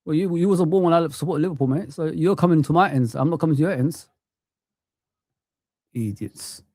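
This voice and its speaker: A man's voice: on the high side, a little fast, a little mellow, no room sound, clean studio sound. A man in his thirties or forties ranting with passion on a live football watch-along stream, sweary and peppering his talk with "man". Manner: impassioned ranting, sweary, frequent "man" tags.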